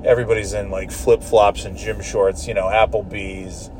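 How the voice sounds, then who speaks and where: A man's voice: fairly low pitch, level tone, normal speed, noisy background. A man ranting casually in a car, rambling, swearing and restarting his sentences. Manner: profane, rambling, exasperated, with frequent restarts.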